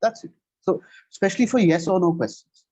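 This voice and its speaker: A man's voice: high-pitched, a little fast, mellow, no room sound. A man teaching English pronunciation in a one-on-one lesson, patient and checking in often with "right?". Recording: dull lo-fi sound.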